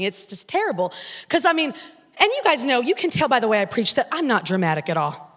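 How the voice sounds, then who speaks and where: A woman pastor preaching a sermon, telling a story with dramatic, animated delivery. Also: fairly high pitch, a little fast. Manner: animated, dramatic retelling with acted-out prayers and voices. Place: church sanctuary. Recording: long church reverb.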